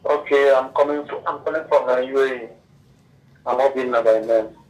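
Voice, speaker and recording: A man calls in to a radio show and offers calm, measured advice. He sounds distant from the phone. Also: mid-range voice. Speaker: caller.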